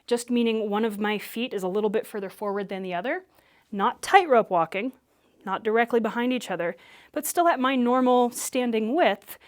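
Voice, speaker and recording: A woman Alexander Technique teacher who explains and demonstrates movement for public speaking in a clear, patient way. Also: medium pitch.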